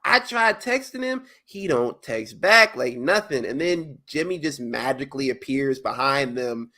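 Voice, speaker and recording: A man co-hosting a wrestling podcast, casually retelling events with animated, laughing storytelling. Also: mid-range voice, unhurried. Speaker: podcast co-host.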